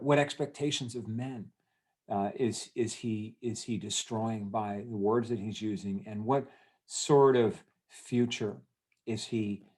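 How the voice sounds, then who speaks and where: A man hosting an online event, giving an energetic motivational talk over a video call and asking his audience questions. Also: fairly low pitch. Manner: energetic, rallying, asks the audience questions, many fillers. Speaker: event host.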